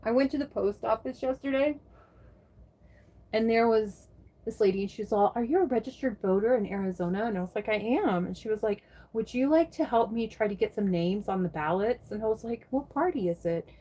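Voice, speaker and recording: A woman's voice: fairly high pitch, lively intonation, fairly quick, dark tone. A woman from the United States chatting casually on a livestream, answering viewers by name and swearing freely. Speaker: live streamer chatting with viewers.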